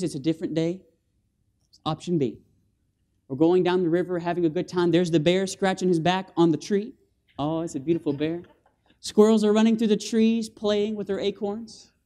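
A man preaching an animated sermon in a church, calling for amens from the congregation and acting out scenes with sound effects. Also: sits high, fairly quick. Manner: animated, with call-and-response and vocal sound effects. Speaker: guest preacher. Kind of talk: lively evangelistic sermon. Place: church sanctuary.

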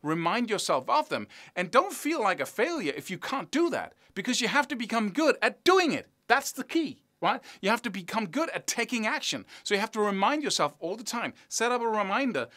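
A man's voice: high voice, sing-song, brisk, hardly any pauses, sharp tone. A man teaching a guitar lesson on video in a chatty, self-mocking way, chanting rhythms aloud as he explains.

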